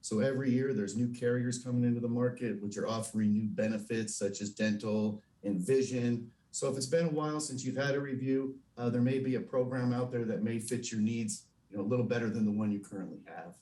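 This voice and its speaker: Mellow-voiced man, roomy and distant. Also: medium pitch, steady tone, fairly quick, hardly any pauses. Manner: friendly, earnest, with fillers. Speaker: guest insurance expert. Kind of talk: TV interview.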